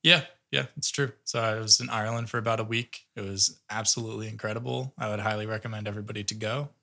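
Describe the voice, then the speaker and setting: A man's voice: fairly low pitch, steady tone, fast talker, pushed and bright. A man co-hosting a casual podcast, enthusiastic and rambling with lots of filler words. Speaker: podcast co-host.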